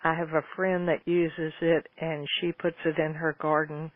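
A man's voice: a little high, flat delivery, moderate pace, no echo. Folksy man on a tinny, phone-like line. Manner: folksy, rambling, with frequent restarts. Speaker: host answering listener questions. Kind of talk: casual gardening advice talk.

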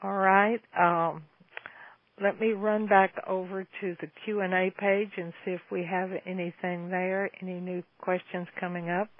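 A woman's voice: lowish voice, little pitch movement, measured pace. A woman in her seventies hosts a call-in Q&A, talking in a chatty, folksy, enthusiastic way. Her voice comes through a tinny, phone-like line. The sound is dry, with no room echo. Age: 70s. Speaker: host answering listener questions. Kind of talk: call-in Q&A chat.

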